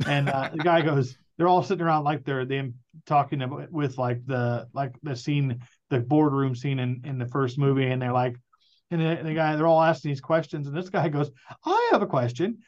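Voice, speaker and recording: A man co-hosting a podcast, chatting casually in an animated way and quick to riff and laugh. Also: mid-range voice, muffled recording. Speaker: podcast co-host. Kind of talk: casual chat.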